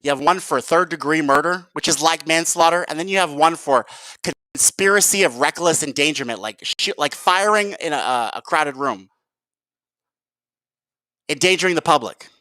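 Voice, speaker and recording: A man's voice: on the high side, normal speed, pushed and bright, no room sound. A man ranting in a heated, profane vlog commentary and calling his viewers "guys". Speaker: video commentator.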